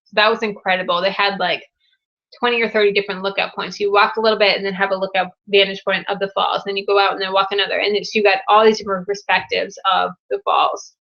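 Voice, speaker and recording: A young woman hosting a casual live Q&A, chatting warmly and gushing with excitement over viewers' news. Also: medium pitch, fast, vocal fry, muffled recording. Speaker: live Q&A host. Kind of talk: casual live-stream chat.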